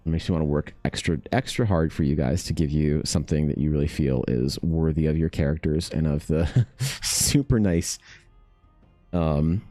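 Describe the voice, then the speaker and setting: A man's voice: rumbling low, normal speed, mellow, faint music behind. A man streaming while he draws, chatting casually with viewers, swearing freely and running himself down. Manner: chatty, swears freely, self-deprecating, reacts to chat. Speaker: artist streaming while drawing. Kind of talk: casual livestream chat.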